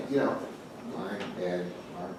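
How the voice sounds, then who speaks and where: He's a male pastor with a low-pitched voice who draws out his words while telling a group a story full of jokes, lively and chatting back and forth with his audience. Faint noise and room echo come through, since the mic sits far away.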